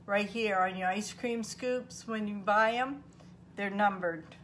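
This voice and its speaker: A woman's voice: mid-range voice, slow pace, fairly bright tone, slight background noise. An older woman with a Maine accent, chatting homespun and friendly while showing how she bakes at home. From Maine, USA. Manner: chatty, homespun, talks to viewers as folks. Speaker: home cooking vlogger. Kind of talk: casual cooking demonstration. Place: home kitchen.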